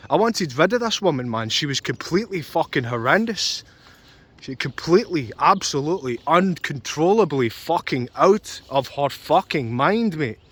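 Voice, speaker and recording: A man's voice: fairly high pitch, lively intonation, normal speed, fairly bright tone. A young man ranting angrily and repetitively about a custody dispute, swearing often. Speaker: vlogger. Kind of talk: angry personal rant.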